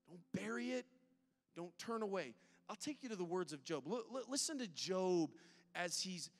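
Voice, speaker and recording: High-voiced pastor preaching in a reverberant hall. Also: male voice. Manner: candid, conversational preaching with dramatic dynamic swings. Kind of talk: sermon. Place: church auditorium.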